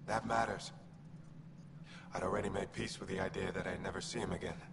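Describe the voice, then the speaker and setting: An actor voicing a worried, grieving colonist who pleads for help in a heartfelt way. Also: male voice, low voice, steady tone, a little fast, vocal fry, long reverb tail, heavy background noise.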